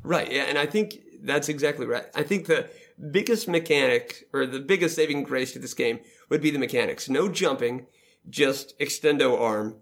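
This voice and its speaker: A man's voice: medium pitch, moderate pace, gravelly. A man hosting a casual roundtable chat about video games, leading the group and laughing easily. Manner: leads the discussion, laughs easily. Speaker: podcast host.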